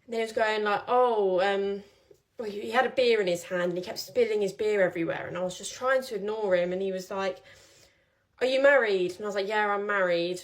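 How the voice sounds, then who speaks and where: A woman's voice: mid-range voice, steady tone, fast. A young woman telling a personal story in a casual vlog, chatty and rambling with many fillers.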